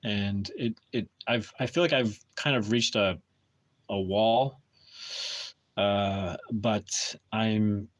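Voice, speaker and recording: A man's voice: on the low side, slow, lo-fi sound. A man chatting casually with viewers on a live stream at home, talking hesitantly with many restarts and fillers.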